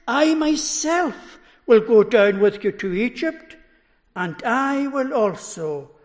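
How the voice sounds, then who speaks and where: Slow, high-voiced male preacher. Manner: slow, measured delivery, dropping low at phrase ends. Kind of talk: sermon.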